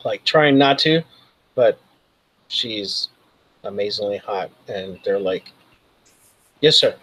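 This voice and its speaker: A man's voice: on the low side, expressive, takes it slowly, a bit bright, no room sound, rough recording. A man narrating as game master, loosely and with many fillers. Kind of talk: narrating a tabletop role-playing game.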